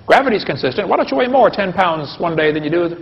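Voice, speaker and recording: This creation science lecturer has a high, creaky voice with lively intonation and a quick pace. He delivers a humorous, folksy live talk full of jokes and questions for the crowd, captured in a dull lo-fi recording drenched in long hall reverb.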